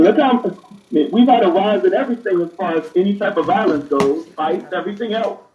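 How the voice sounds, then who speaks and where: A man speaking as a police officer guest in a casual, plain-spoken interview over a remote connection. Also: high-pitched. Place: remote call from elsewhere. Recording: roomy, distant, dull remote audio.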